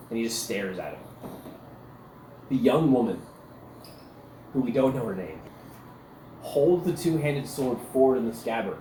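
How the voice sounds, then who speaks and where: A man's voice: medium pitch, mellow, slight background noise. Man narrating a tabletop game, roomy. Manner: vivid, loose storytelling with restarts. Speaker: game master. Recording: roomy recording with faint ambience.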